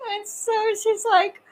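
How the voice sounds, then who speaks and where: A woman's voice: very high voice, rough recording. A woman chatting on a podcast, telling a story animatedly and acting out the dialogue she quotes. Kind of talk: casual podcast chat.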